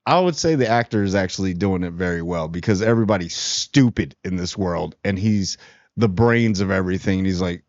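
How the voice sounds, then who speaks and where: Male TV reviewer, relaxed and slangy, dull lo-fi sound with no room echo. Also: low voice, brisk. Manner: rambling, slangy, laid-back. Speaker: TV show reviewer. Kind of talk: casual spoiler review.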